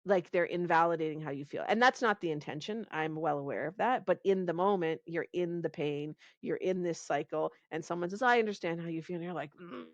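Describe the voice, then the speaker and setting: Lively woman guest with a dry close sound. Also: sits low, fairly quick, hardly any pauses, dry recording, highs cut off. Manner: animated, laughs often, restarts sentences. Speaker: podcast guest, pain reduction coach. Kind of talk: conversational interview.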